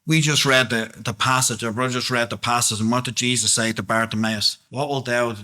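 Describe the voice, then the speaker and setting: A man's voice: mid-range voice, steady tone, brisk, sharp tone. A man giving a plain-spoken, earnest testimony sermon, often asking the congregation questions.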